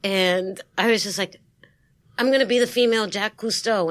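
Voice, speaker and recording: Woman, Brooklyn New York accent, interview guest, lively storytelling, mid pitch, dry studio. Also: moderate pace, no echo. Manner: lively storyteller who acts out quoted voices and laughs often.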